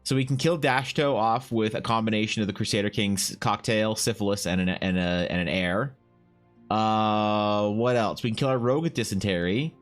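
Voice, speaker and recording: A man's voice: fairly low pitch, moderate pace, soft background music. Rambling man chatting on stream. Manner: rambling, thinking aloud, answering chat. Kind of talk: casual chat with stream viewers.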